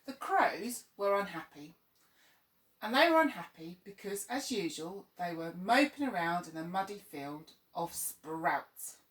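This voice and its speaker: A woman reading a children's story aloud in an expressive, lively way. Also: fairly low pitch, measured pace, recorded from a distance. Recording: echoey room, voice off-mic.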